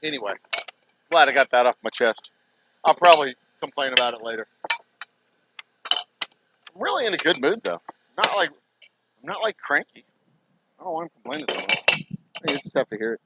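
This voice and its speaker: A man's voice: a little high, moderate pace, long pauses, very noisy. A man, a distillery owner, ranting and swearing in a casual vlog at his distillery. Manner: profane, ranting, animated.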